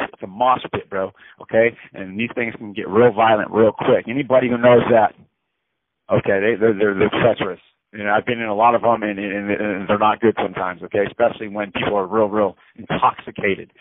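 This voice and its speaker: A man telling a story from prison over the phone in a rambling, animated way, saying "bro" again and again and repeating himself. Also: lowish voice, fairly quick, gravelly, no room sound. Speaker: incarcerated storyteller. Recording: tinny phone line.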